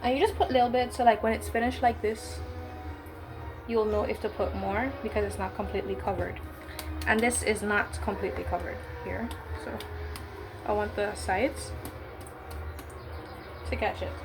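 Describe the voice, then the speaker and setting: A woman's voice: medium pitch, steady tone, moderate pace, long pauses, music in the background. A woman chatting casually as she bakes, with cheeky slangy asides. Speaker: baking vlogger. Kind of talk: casual baking vlog.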